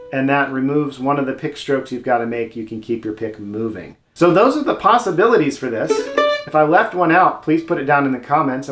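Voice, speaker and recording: A man teaching mandolin technique step by step, friendly and casual, with playful asides. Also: mid-range voice. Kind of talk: instructional video lesson. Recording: roomy sound with loud mandolin playing. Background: mandolin playing.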